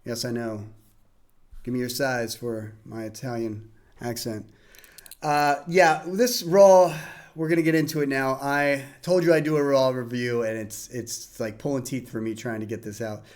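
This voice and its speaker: A man's voice: medium pitch, normal speed. A young man hosting a casual wrestling review in a rambling way, with many fillers and restarts. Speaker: host.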